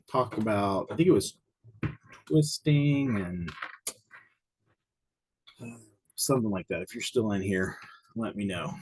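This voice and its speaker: A man's voice: on the low side, a little hiss or hum, low-quality recording. A middle-aged man, a little winded, teaching an insurance exam class on a livestream in a chatty, rambling, self-deprecating way at his desk mic.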